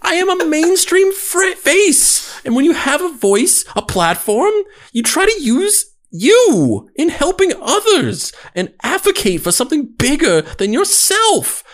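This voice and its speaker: A woman doing Legs, a male podcast persona who recites everything as high drama, his voice swooping up and down. The delivery is overwrought and theatrical, like a mock solemn stage reading. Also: big pitch swings, unhurried, few pauses.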